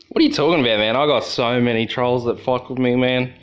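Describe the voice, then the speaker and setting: A man's voice: medium pitch, steady tone, fast talker, clean tone. An Australian man hosting a livestream, talking in a rambling, profane, joking way. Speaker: livestream host. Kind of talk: casual livestream chat.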